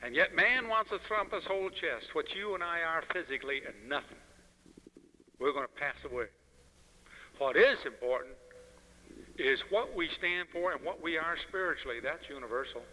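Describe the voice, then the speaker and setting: A man's voice: a little high, normal speed, sharp tone. A man giving an impassioned political lecture, telling stories in an emphatic, preachy way, heard on an old 1971 lecture recording. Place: lecture hall. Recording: 1971 lecture recording with long hall reverb.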